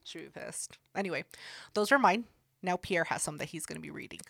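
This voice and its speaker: A woman's voice: sits low, expressive, brisk, gravelly, no echo, studio quality. A young woman co-hosting a podcast, brash and teasing, swearing constantly. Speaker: podcast co-host. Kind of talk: casual podcast banter.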